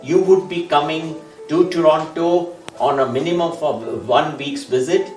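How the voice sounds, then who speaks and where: A man hosting a talk show, asking long questions in a formal, measured way with some hesitation. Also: fairly high pitch, a little mellow. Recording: echoey, distant from the mic, faint music.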